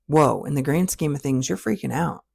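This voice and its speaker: Podcast host, woman, deep gravelly voice, direct motivational coach who hammers points home. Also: moderate pace, a little mellow. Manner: direct coaching, emphatic repetition.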